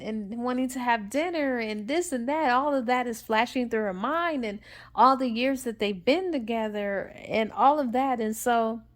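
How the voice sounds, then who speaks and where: A woman casually retelling a novel's plot for a book review, in a rambling, chatty way. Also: fairly high pitch.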